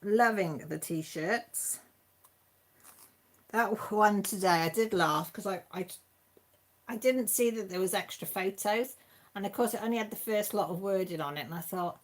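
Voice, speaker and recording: A woman chats casually as host of a live stream. Her talk rambles and restarts as she loops back over her points. She sounds tired, with a steady voice in a middle pitch. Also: a little slow. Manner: chatty and rambling, with many restarts. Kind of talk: casual chat.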